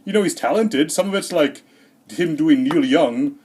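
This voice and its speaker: A man doing a rambling, deadpan comedic monologue in character as Santa, hesitant and full of fillers, a little out of breath. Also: a little high, moderate pace, husky. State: slightly out of breath.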